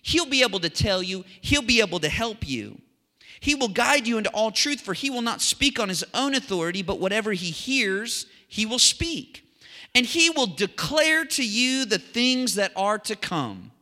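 Bright-voiced preacher man in a reverberant hall. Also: sits high, normal speed. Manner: chatty and animated, with frequent asides and restarts. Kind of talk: casual conversational sermon.

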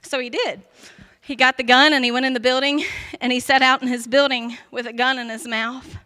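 A woman with a high, sharp-edged voice tells her personal testimony. She speaks earnestly and emphatically, often with "like". The recording is dry and close. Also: steady tone, normal speed, no echo. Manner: earnest, emphatic storytelling with frequent "like" and laughs.

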